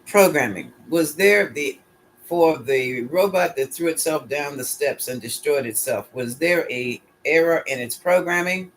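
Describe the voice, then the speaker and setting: A man's voice: on the high side, a little slow, a little hiss or hum. Man musing through a tarot reading. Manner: musing, thinks aloud, questions his pendulum. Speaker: tarot reader. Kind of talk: casual solo tarot reading.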